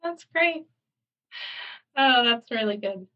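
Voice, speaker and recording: A woman co-hosting a podcast who runs her own lab, speaking in a lively, emphatic, conversational way. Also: on the high side, takes it slowly, highs cut off. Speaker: podcast co-host, lab leader. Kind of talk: casual podcast chat.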